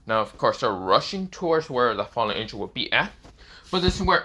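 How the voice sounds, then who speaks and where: A man's voice: mid-range voice, big pitch swings, a little fast, sharp tone. A man improvising a fan story, rambling with many restarts and swearing casually.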